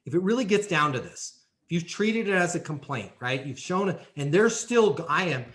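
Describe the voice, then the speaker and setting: A man with a fairly high voice talks on a podcast in a coaching style. He is emphatic and checks in often with quick tag questions. His tone is bright and forceful. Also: lively intonation. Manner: emphatic, repeats key phrases, frequent "right?" and "okay?". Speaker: guest speaker on leasing and renewals. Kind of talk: energetic coaching talk with role-played examples.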